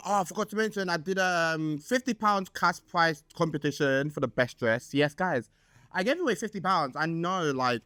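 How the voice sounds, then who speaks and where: A man's voice: a little high, expressive, moderate pace, bright, forceful tone, a little hiss or hum. A man, hosting a casual storytime vlog and gossiping dramatically about his birthday, full of fillers. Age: 20s. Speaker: vlog host.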